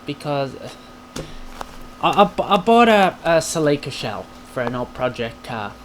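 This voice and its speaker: A man's voice: a little high, big pitch swings, a little slow, a little hiss or hum. A man hosting a casual question-and-answer vlog, rambling and self-deprecating with plenty of jokes. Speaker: YouTube channel host. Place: home recording space.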